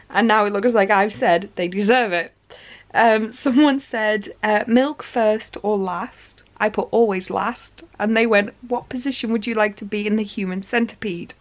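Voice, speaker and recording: A woman's voice: mid-range voice, measured pace. Chatty woman vlogger. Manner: chatty, animated retelling with frequent laughs. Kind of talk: casual storytelling to camera.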